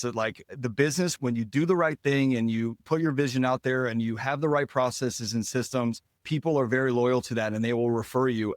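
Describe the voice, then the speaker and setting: A man's voice: medium pitch, no room sound, clean studio sound. A man, a podcast guest, earnestly telling how he built his businesses in a motivational, conversational way. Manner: earnest, motivational, fast-flowing. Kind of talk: conversational interview storytelling.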